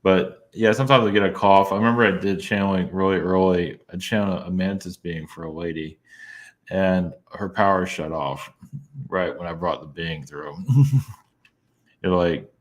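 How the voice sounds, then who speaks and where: Deep-voiced male guest, hesitant, casual interview delivery. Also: steady tone. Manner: soft-spoken, halting, many fillers and little laughs. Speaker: guest, channeler.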